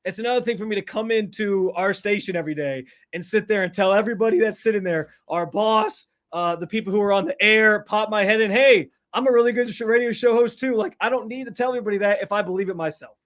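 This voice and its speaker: A man's voice: sits high, fast talker, few pauses, fairly bright tone. A young man co-hosting a sports radio show, casual and self-deprecating. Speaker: radio co-host.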